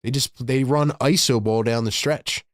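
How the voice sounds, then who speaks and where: A man's voice: mid-range voice, fairly even intonation, moderate pace, no room sound, studio quality. A man hosting a live fan broadcast, calling the plays and scolding the team in exasperation. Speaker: host calling live play-by-play. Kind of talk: fan play-by-play and rant.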